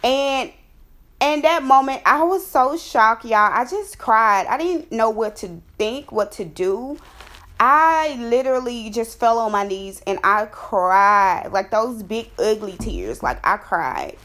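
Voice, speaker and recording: A woman's voice: on the high side, lively intonation, slow pace, fairly bright tone. A young woman vlogging, telling a personal story in a chatty, heartfelt way, speaking to viewers as y'all and talking openly about her faith. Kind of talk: casual storytelling.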